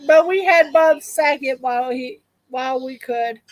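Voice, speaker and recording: A woman's voice: sits high, unhurried, no echo, soft background music, low-quality recording. A woman hosting a live stream, giving casual reaction commentary in chatty, gushing fragments as she thinks aloud.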